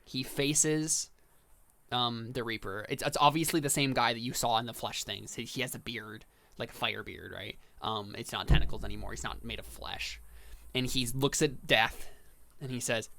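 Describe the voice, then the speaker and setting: A man's voice: medium pitch, normal speed, creaky, sharp tone. A man narrating as game master for a tabletop role-playing game, casual and rambling with asides.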